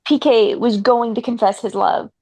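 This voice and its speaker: A young woman with a fairly high voice recaps a movie in a chatty way, slipping into the characters' lines as she goes. Her delivery is animated, and the sound is close and dry, with no room echo. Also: moderate pace. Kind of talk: casual chat retelling a film.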